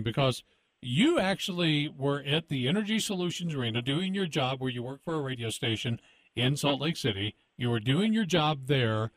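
A man's voice: mid-range voice, no room sound. A man hosting a radio talk show in casual chat, leading his guest with questions and jokes. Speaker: radio host.

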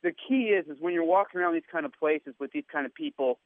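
A man with a slightly high voice tells a lively story over the phone. The sound is thin and tinny, like a phone call, and very dry with no room echo. He acts out the voices of the people in his story as he goes. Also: fast. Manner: animated storyteller, acts out quotes. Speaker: guest. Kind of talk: casual storytelling.

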